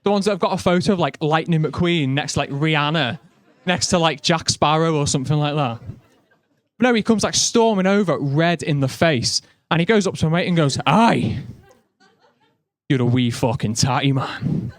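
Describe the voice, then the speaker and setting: Young scouse guy doing standup, talks loose and self-deprecating, pretty high voice. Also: expressive, fairly quick, no room sound. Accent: Liverpool. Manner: chatty, self-mocking, lots of "like" and "but no". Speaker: stand-up comedian. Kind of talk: stand-up comedy set.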